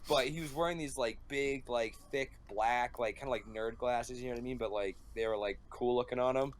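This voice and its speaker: 男声 年轻男子随意讲故事，背景有轻微噪音. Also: male voice, medium pitch, brisk. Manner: rambling, fillers, animated quoting. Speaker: podcast host. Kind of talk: casual storytelling chat. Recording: faint background noise.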